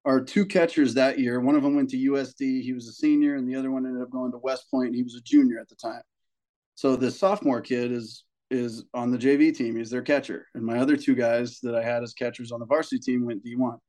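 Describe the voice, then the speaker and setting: A young man chats casually, like he's on a podcast, about coaching high school baseball. He speaks at an ordinary middle pitch. His delivery is animated and a bit profane, and he bounces into higher voices to act out quoted parents and colleagues. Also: fairly quick. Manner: animated storyteller, swears, acts out quoted people.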